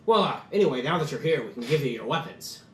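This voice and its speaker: Bir adamın canlandırdığı telaşlı, kekeleyen cüce. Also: male voice, on the high side, animated, fast talker, a bit bright, a little hiss or hum. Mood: flustered. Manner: flustered, stammering. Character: excited talkative male dwarf. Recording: roomy echo.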